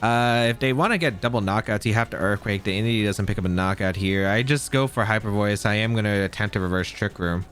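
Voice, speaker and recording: A man's voice: fairly low pitch, quick pace, hardly any pauses, a bit bright, soft background music. A man giving live commentary on his own competitive match, thinking aloud and second-guessing his plays. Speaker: competitive game player.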